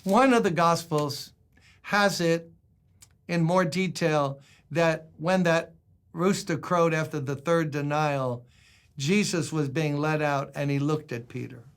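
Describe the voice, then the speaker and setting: A man's voice: fairly high pitch, takes it slowly, clean tone. An older man, a pastor, giving a devotional sermon in a conversational style, acting out quoted lines with dramatic emphasis.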